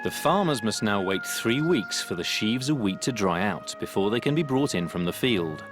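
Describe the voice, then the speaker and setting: Low-voiced male documentary narrator. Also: very animated, moderate pace. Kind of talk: scripted voice-over narration. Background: background music.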